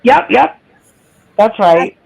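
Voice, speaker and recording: A woman's voice: on the high side, sing-song, takes it slowly, creaky, a little mellow, slightly rough, rough recording. Stream host: chatty woman, nasal tone, teases her guests and laughs easily. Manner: chatty, teasing, laughs often. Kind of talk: casual chat.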